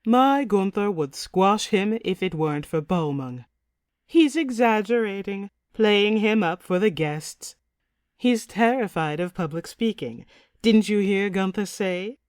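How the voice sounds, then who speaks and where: A woman's voice: medium pitch, lively intonation, a little slow, darkish tone, no echo, close to an everyday voice. Woman doing a proud haughty queen, dry audiobook sound. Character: proud queen, fond and scornful.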